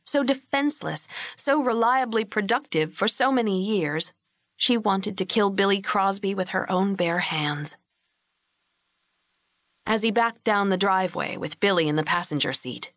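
Woman reading an audiobook, mid pitch, dry booth sound, steady and expressive. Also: dry recording. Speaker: audiobook narrator. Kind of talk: scripted narration.

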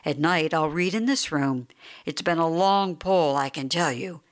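A woman reading the lines of a restless middle-aged businessman in an audiobook, brisk and hearty when busy and flat when idle. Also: low voice. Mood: wistful.

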